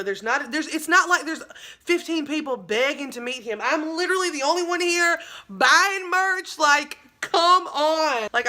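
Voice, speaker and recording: Chatty bright-voiced woman vlogger. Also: high-pitched. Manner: chatty, dramatic, addresses viewers as y'all. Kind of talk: storytime vlog.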